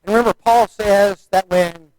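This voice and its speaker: A man's voice: high-pitched, fairly even intonation, normal speed, a little mellow, dry recording, rough recording. A man preaching a sermon in a folksy, conversational way, often asking the listeners rhetorical questions.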